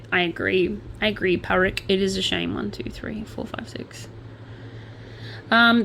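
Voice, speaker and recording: Woman podcast host, casual, reads news aloud, chatty, self-deprecating, medium pitch, faint hiss. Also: a bit bright. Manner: chatty, self-deprecating, stumbles over names; crochets while talking.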